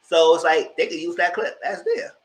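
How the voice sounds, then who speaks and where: A man hosting a live TV review, giving sassy, animated commentary straight to his viewers. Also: on the high side, normal speed, slight background noise, poor audio. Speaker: TV review host.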